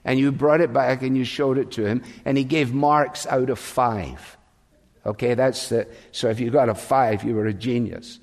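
Pastor preaching in a reverberant hall. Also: male voice, medium pitch, normal speed, gravelly, a little mellow. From England. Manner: storytelling, conversational asides. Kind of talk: sermon. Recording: long reverb of a large hall.

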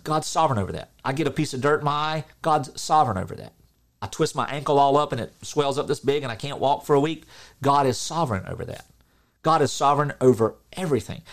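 A middle-aged man preaching an informal sermon, earnest and animated, acting out quotes with a laugh now and then. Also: medium pitch, gravelly.

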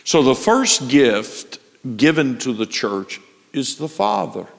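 A man preaching a sermon, slow and emphatic, building in intensity. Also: mid-range voice, big pitch swings, vocal fry, long reverb tail. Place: church.

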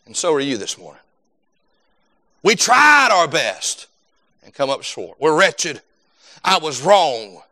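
High, bright-voiced preacher. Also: male voice. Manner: dramatic swings from loud to hushed, preaching cadence. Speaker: pastor. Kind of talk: sermon.

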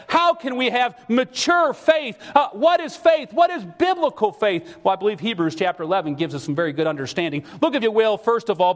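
A middle-aged man preaching a sermon, pleading and emphatic, his voice rising in fervent bursts. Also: sits high. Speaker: pastor. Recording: long reverb of a hall.

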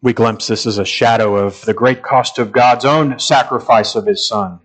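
An earnest male pastor delivers a sermon at a measured pace, letting pauses and repeated phrases carry weight. His voice sits at an ordinary middle pitch for a man and rises into emphatic passages when he presses a point.

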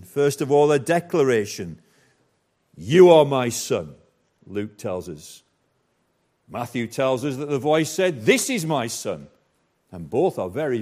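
A man preaching a sermon as pastor, slow and emphatic, with dramatic pauses and repetition. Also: mid-range voice, a little mellow.

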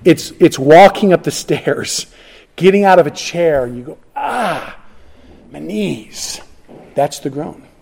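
A middle-aged man preaching a sermon in a fairly high voice. He is emphatic and restless, dropping to near-whispers and then climbing loud, often restarting his phrases. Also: moderate pace. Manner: emphatic, swings from hushed to loud, frequent restarts. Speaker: pastor.

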